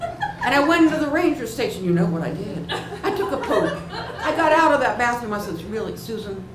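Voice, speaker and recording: A woman storyteller performing a personal tale live on stage, animated and playful, acting out sounds and voices. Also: sits high, fairly quick, recorded from a distance, a loud crowd. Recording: roomy live hall with audience noise.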